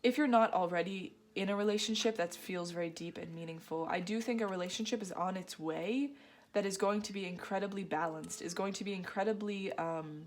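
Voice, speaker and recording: A woman's voice: mid-range voice, a little fast. A woman giving a gushing, affirming tarot reading to her viewers, often breaking into giggles. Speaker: tarot reader.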